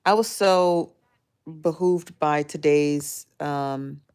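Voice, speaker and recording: A woman's voice: sits low, takes it slowly, darkish tone, clear, resonant tone. Chatty woman on a live stream. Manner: rambling, greets viewers by name, many fillers. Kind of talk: casual live-stream chat.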